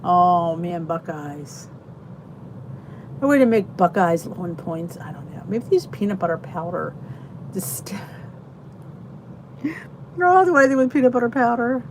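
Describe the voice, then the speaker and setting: A woman talks slowly and chattily on a live stream. She greets viewers by name and stretches out her exclamations. A faint hum sits behind her voice. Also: fairly low pitch, expressive, darkish tone, poor audio. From Philadelphia, Pennsylvania. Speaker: host of a live chat stream. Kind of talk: casual live-stream chat reading comments.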